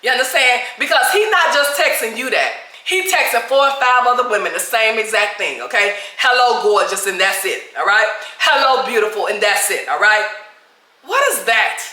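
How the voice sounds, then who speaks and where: Woman, emphatic dating advice vlog, lively swooping pitch, bright voice, echoey room. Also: moderate pace. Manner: emphatic, repeats "all right?" and "okay?" constantly. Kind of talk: direct-to-camera advice talk.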